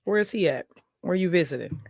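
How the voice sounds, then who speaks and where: A man's voice: sits high, lively intonation, brisk, vocal fry, a little mellow, no room sound. Chatty male talk show host, dry sound. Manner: chatty, laughs often, talks to viewers directly. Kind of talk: casual chat, reading viewer comments aloud.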